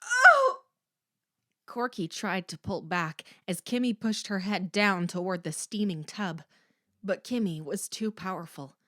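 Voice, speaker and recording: Woman audiobook narrator, slow deliberate read, lowish voice, dry close sound. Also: no echo. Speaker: audiobook reader.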